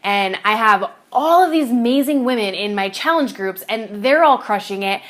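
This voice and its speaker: A woman's voice: on the high side, lively intonation, normal speed. A woman fitness coach talking to camera in a casual confessional vlog, rambling with fillers and restarts and swearing casually.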